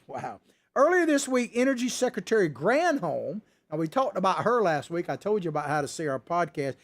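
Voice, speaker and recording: A man's voice: sits high, big pitch swings, normal speed, a bit bright. A male host delivering a sarcastic political commentary monologue, ranting and chuckling as he goes. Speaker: talk show host.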